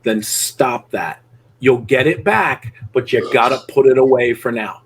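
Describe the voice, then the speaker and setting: Slight background noise accompanies a middle-aged dog trainer who speaks a little slowly in a mid-range voice. Coaching a student live, he talks bluntly with salty language and acts out dogs and people in voices.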